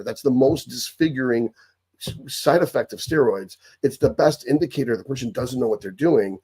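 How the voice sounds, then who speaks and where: A man with a husky, slightly rough voice holds forth in a live Q&A monologue. He talks bluntly and profanely, repeating phrases to drive his points home. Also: medium pitch, darkish tone. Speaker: host answering viewer questions.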